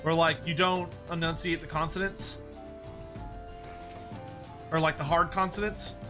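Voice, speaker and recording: A man casually commentating on his own gameplay in an animated, joking way, with casual swearing. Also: on the high side, unhurried, music in the background. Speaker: streamer.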